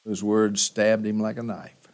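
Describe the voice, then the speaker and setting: A man's voice: on the low side, little pitch movement, a little slow, darkish tone. A male pastor preaching a sermon, retelling scripture in a dramatic storytelling manner with rising emphasis.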